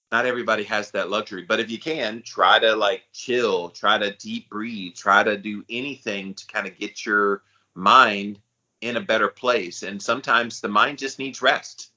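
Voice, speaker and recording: Podcast guy, slangy and animated, kinda low but really bright voice, dull lo-fi audio. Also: unhurried. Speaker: podcast co-host. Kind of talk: casual chat.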